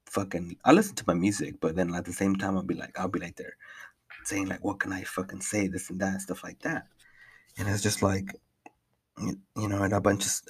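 With a deep, husky voice, a young podcast host talks casually through a solo update. He rambles, swears heavily and restarts many times.

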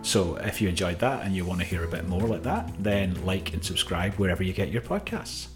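A man hosting a podcast, talking in a relaxed, casual way. His voice sits on the low side. Faint music plays quietly under him. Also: fairly quick. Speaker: podcast host.

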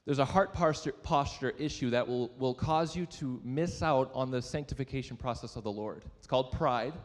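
A man's voice: mid-range voice, normal speed, long reverb tail. A young adult man preaching a sermon, telling a personal story in a conversational, self-deprecating way and asking the audience questions. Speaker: pastor. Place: church sanctuary.

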